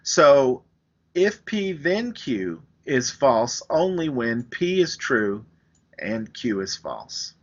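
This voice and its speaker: A man's voice: medium pitch, very animated, slow pace, lo-fi sound. A man teaching a recorded math lesson, explaining step by step with everyday examples. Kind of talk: recorded lecture, writing on screen.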